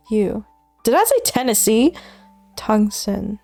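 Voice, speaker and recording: A woman's voice: medium pitch, slow, long pauses, dark tone, faint music behind. A woman streaming while she studies, murmuring names to herself, slipping into whispers and laughing at her own mistakes. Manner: muttering element names to herself, often dropping to a whisper; self-deprecating, laughs at her own slips. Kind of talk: casual study stream chatter.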